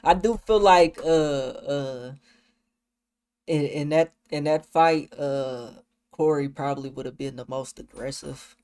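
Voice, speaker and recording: A man's voice: a little high, slow pace, darkish tone, clear, resonant tone, no echo. A man reacting casually on a livestream, slangy and joking, laughing often. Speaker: streamer reacting to clips. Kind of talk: casual reaction stream chat.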